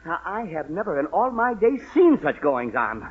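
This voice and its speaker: A man's voice: on the high side, big pitch swings, moderate pace, slight background noise. An actor playing an exasperated middle-aged father who lectures his household in a blustering, scolding way, in 1940s radio sitcom style. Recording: tinny 1940s radio broadcast recording.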